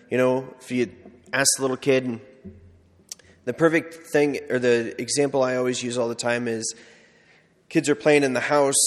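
A man giving an informal sermon, talking conversationally and acting out little everyday scenes to make his point. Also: mid-range voice. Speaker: Catholic preacher or teacher. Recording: long hall reverb.

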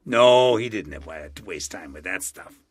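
An older man in a casual interview, speaking in an animated, rambling way with chuckling asides. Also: sits low, a little slow, dry recording. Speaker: interviewee, Latin expert.

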